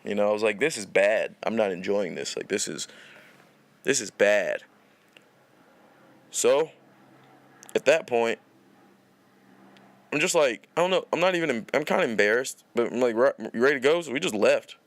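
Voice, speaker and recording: A man's voice: medium pitch, expressive, moderate pace, long pauses, dry recording. A young man hosting a podcast, telling a long story in a rambling, profane way with many restarts. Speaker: podcast host. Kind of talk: casual storytelling.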